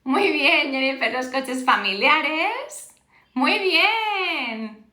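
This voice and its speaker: A woman teaches Spanish on a live stream, slowly and warmly encouraging her viewers as she reads out their answers and praises them. Her voice is high and bright, and she laughs easily as she mixes English and Spanish. The sound carries a roomy echo. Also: expressive. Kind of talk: live-streamed language lesson. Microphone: phone on a live stream.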